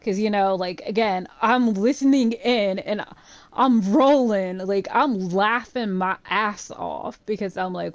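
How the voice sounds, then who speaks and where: A woman's voice: medium pitch, slow pace, no room sound. Chatty woman telling a story, dry sound. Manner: chatty, profane, animated retelling with frequent "like". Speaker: gaming channel host. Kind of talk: casual storytelling over gameplay.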